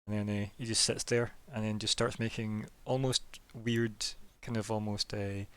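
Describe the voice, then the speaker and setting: A man's voice: fairly low pitch, little pitch movement, moderate pace, a bit bright, clear, resonant tone. A man narrating a tabletop game as game master, rambling with many fillers.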